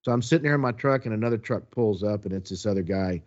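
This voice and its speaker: A man co-hosting a podcast tells a long story in a casual, animated way. He slips into the voices of the people in it. His voice sits mid-range, and the recording is dull and lo-fi. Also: medium pitch, fast talker, hardly any pauses. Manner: animated, acts out quotes. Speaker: podcast co-host.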